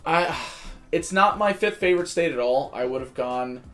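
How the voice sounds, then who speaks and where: A young man from New Jersey hosting a casual chat, joking about himself in animated banter. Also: a little high, moderate pace, soft background music. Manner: animated, self-deprecating banter. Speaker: podcast host.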